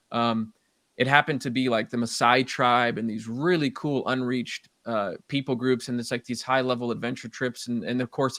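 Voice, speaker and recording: A man's voice: mid-range voice, a bit bright, dry recording, studio quality. A man co-hosting a casual podcast chat, easygoing and rambling, laughing at himself. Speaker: podcast co-host.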